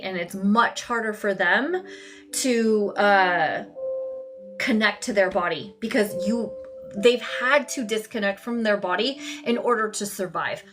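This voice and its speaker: A woman hosts a casual live coaching session, speaking straight to her viewers. She is blunt and swears freely, in a middle-pitched voice with soft music playing faintly behind her.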